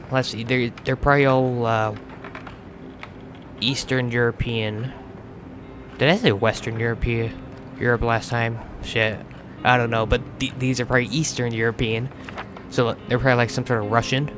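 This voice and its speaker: An American man talks his way through a game in loose, chatty commentary, cursing freely and tripping over his words. His voice sits at an ordinary middle pitch. Clear game sound plays underneath. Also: background noise. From United States. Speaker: gaming channel host. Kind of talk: casual let's play commentary.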